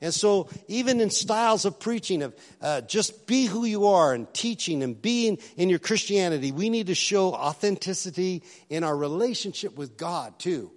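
Male pastor, somewhat high voice, relaxed storytelling sermon with asides, long hall reverb. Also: normal speed, few pauses. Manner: conversational storytelling preaching with asides.

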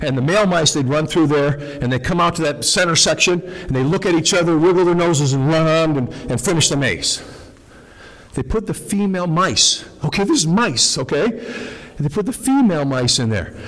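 A man, a veterinarian, giving an animated, folksy talk to an audience. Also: a little high, normal speed. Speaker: speaker, veterinarian. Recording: long hall reverb.

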